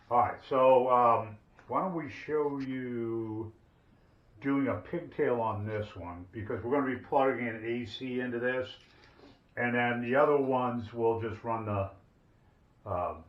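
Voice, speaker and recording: A man co-hosting a home remodeling video, explaining electrical work in a plainspoken, casual way. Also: lowish voice. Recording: echoey, dull room sound.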